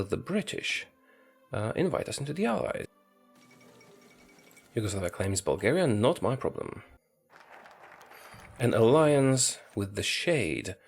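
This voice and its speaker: Gameplay commentator, male, animated delivery with a gravelly edge, matter-of-fact. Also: on the low side. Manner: matter-of-fact, thinking aloud. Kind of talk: strategy game commentary.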